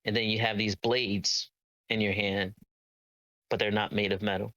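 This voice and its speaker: A man's voice: lowish voice, little pitch movement, normal speed, bright, forceful tone, dry recording, poor audio. A man narrating as game master of a tabletop game, hesitant with many ums and uhs.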